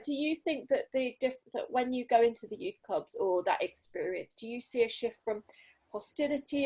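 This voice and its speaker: A woman's voice: fairly high pitch, darkish tone. A woman hosting a webinar panel, musing and asking thoughtful follow-up questions. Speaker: host, CEO. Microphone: video call.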